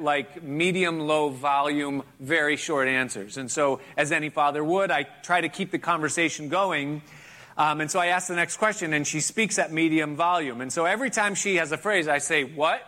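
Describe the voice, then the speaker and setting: Bright-voiced man preaching conversationally. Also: fairly high pitch. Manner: conversational, self-deprecating, chuckles between points. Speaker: pastor. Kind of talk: sermon with personal story.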